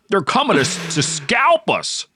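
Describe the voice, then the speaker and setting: A man's voice: on the high side, sharp tone, slight background noise, pitched above the performer's own voice, exaggerated voice. A man doing a comic impression of a polite, stuttery old-time male film star who gets flustered. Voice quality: stammering, drawling.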